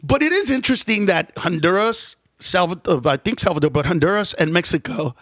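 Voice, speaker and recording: A man appearing as a comedian guest on a radio show, talking in animated, rambling casual banter. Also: high voice, no echo, studio quality. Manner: animated, rambling, quick to jump into stories. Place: radio studio.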